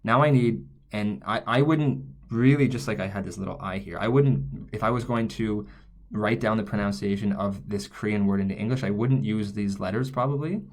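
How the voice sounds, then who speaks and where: Here a man who teaches languages speaks at normal speed in a fairly low pitch. He writes on screen as he explains each step, thinking out loud and pausing often to fix what he just said.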